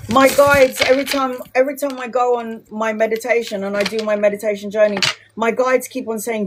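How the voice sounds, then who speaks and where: A woman's voice: on the high side, fairly even intonation, a little fast, noisy background. A woman giving a live tarot reading who talks bluntly and chattily and swears casually. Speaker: tarot reader.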